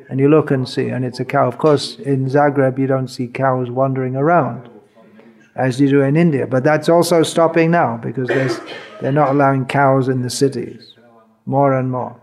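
A man's voice: medium pitch, steady tone, darkish tone. A man giving an informal talk as a spiritual teacher, conversational and wry, using everyday examples. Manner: slow, conversational, wry humor, illustrative examples. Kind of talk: informal lecture to an audience.

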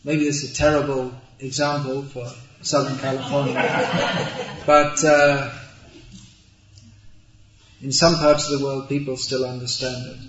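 Slow-spoken man giving a spiritual talk. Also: medium pitch, little pitch movement, slight background noise. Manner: slow, deliberate, gently humorous. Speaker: spiritual teacher answering questions. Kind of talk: religious talk with audience Q&A. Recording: roomy dull hall recording.

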